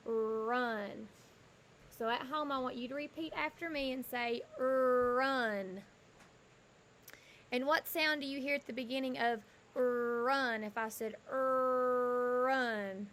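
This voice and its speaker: A woman teaches kindergarten from her porch, slow and patient, repeating each word for small children. Her voice is high and bright. A faint hiss of background noise sits under her speech. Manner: patient, repeats and spells words out letter by letter. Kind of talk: slow, clear lesson for young children. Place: home porch.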